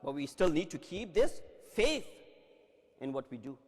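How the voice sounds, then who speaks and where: A man preaching with a high, animated voice that climbs and falls as he acts out every exchange. The sound carries a long reverb from a large hall. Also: normal speed. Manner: dramatic storytelling, acting out quoted dialogue. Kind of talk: religious lecture. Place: large Islamic center hall.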